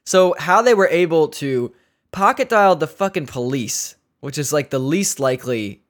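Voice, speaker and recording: A man's voice: a little high, animated, normal speed. A man hosting a podcast, chatting casually in a rambling, joking way with some swearing. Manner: rambling, jokey, swearing, laughing at his own asides. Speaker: podcast host. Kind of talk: casual solo podcast chat.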